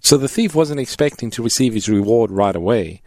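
A man co-hosting a call-in radio Bible program, adding a measured point and introducing callers. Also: medium pitch, expressive, a little mellow, no room sound. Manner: measured, gives phone number and introduces callers. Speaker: co-host of radio Bible show.

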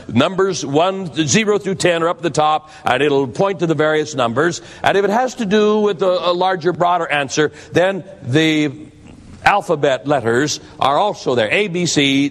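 A man's voice: fairly high pitch, moderate pace. A man preaching a sermon, earnest and warning, telling stories to make his point. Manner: earnest, warning tone with storytelling asides. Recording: long hall reverb.

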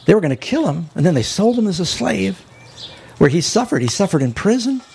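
Gravelly-voiced man preaching a sermon. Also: a little hiss or hum. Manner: animated storytelling, rising high when excited, slowing down for emphasis.

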